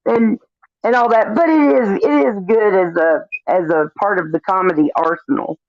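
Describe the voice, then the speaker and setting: At a moderate pace and in a mid-range voice, this livestream guest shares blunt, profanity-laced stories in casual conversation. The lo-fi stream sound is dull, with no room ambience.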